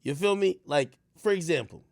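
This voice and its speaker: A man talking casually on his stream, rambling with stammered restarts, dropping to low mutters and rising to shouts. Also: expressive, moderate pace, vocal fry, no echo, studio quality. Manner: frequent stammered restarts and fillers. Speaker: streamer host.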